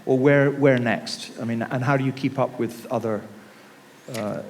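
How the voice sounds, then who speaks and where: A man moderating a conference panel who asks short, brisk questions. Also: mid-range voice, fairly even intonation, a little mellow. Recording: reverberant conference hall.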